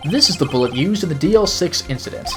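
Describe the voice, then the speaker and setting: A man reading the lines of an earnest young male defense attorney in a game, explaining steadily and deliberately. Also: on the high side, lively intonation, over music, lightly acted. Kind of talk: reading game dialogue aloud.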